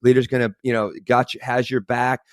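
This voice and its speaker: A man co-hosting a casual podcast, talking in a rambling, animated way with restarts and the odd swear word. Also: mid-range voice, fairly quick, dry recording, clean studio sound. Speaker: podcast co-host.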